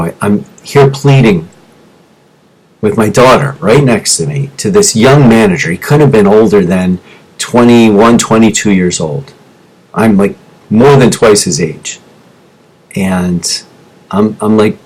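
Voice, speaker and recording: A man in his forties, a former music teacher, giving a motivational talk to teachers over a teleconference. He tells his story with feeling, dropping low and quiet in the painful parts and rising for emphasis. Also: unhurried, slightly rough, rough recording. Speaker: teacher turned business coach. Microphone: teleconference microphone.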